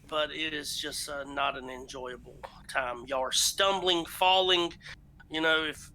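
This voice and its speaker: Man as game master, slow unhurried narration, bright tone, lots of ums. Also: fairly high pitch. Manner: slow, halting, many ums and uhs.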